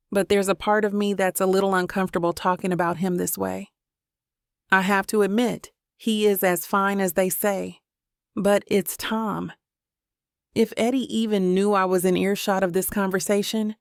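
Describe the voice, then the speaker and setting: Woman reading a romance audiobook, gravelly bit of fry, dry close sound. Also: medium pitch, no room sound. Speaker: audiobook narrator. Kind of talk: first-person romance audiobook narration.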